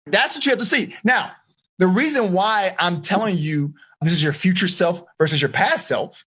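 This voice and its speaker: A man running a live online coaching seminar for teens, talking in an energetic, slangy way straight to the kids. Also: high-pitched, moderate pace, husky. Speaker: life coach.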